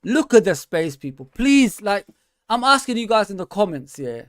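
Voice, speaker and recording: A man hosts a fan show, venting in frustrated bursts whose pitch climbs sharply when he gets worked up. His talk is casual, full of slang like bro and man, and he often reads out viewer comments. The sound is dry and close, with no room echo. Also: very animated, normal speed, fairly bright tone. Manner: frustrated, exasperated ranting with rising pitch. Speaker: host.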